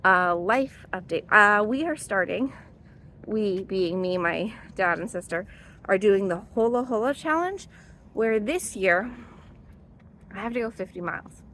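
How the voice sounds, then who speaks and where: A woman's voice: medium pitch, expressive, a little slow, a bit bright, a little hiss or hum. A young adult woman, a drama teacher, chatting casually in her vlog, rambling with lots of fillers and little laughs.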